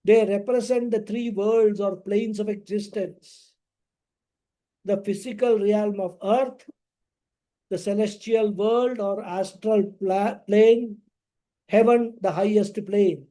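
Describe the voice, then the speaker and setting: Man, scripture teacher, slow and measured, chants verses, soft warm tone. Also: high-pitched, fairly even intonation. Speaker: spiritual teacher. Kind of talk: scripture lecture.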